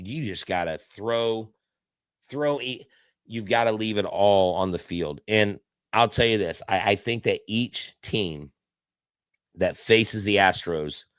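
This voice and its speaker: Fired-up sports podcast host. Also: male voice, medium pitch, fairly bright tone, no room sound, studio quality. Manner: emphatic pep-talk delivery, rhetorical questions. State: hyped up.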